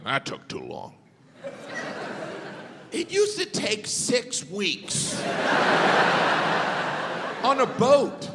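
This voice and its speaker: A man doing a stand-up comedy routine on a theater stage, deadpan, with mocking asides. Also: sits high. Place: large theater stage before a live audience. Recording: live hall reverb with audience noise. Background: audience laughter.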